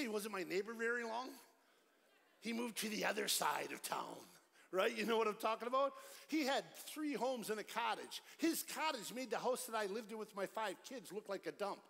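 A middle-aged man giving a lively, joking evangelistic sermon at a church concert, swinging from loud storytelling to hushed pleading. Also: high-pitched, moderate pace, creaky. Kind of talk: energetic evangelistic sermon with jokes. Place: large church concert hall. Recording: live church hall with long reverb.

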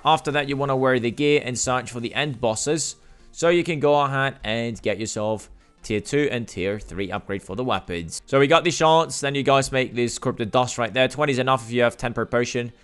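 A man giving casual gameplay commentary, explaining steps and getting loud and swearing when the game frustrates him. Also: mid-range voice, brisk, smooth, faint music behind. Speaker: gameplay streamer.

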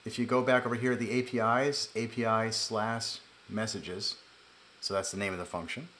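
A man's voice: lowish voice, little pitch movement, normal speed, fairly bright tone, a little hiss or hum. A man with a nasal voice, hosting a live coding stream in a chatty, joking way and narrating each step. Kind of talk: casual live coding chat.

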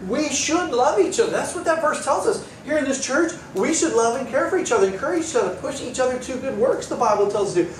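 A man's voice: very high-pitched, lively intonation, fast talker, hardly any pauses, a little hiss or hum. Man preaching in a roomy church. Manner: conversational, wry asides, acts out quoted voices. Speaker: pastor. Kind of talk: sermon. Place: church sanctuary. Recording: roomy church sound from a distance, faint ambience.

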